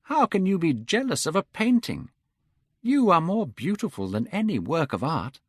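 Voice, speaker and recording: A man's voice: fairly high pitch, sing-song, moderate pace, breathy edge, no room sound, clean studio sound, voice pushed up. A man doing an earnest, devoted painter. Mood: pleading. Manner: earnest, pleading.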